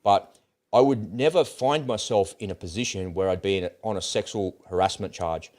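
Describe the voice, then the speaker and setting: A man in middle age holds forth in a casual, blunt monologue. His voice sits fairly low, and he tells his story with lively, animated swings and the odd curse. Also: moderate pace. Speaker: host of political commentary channel.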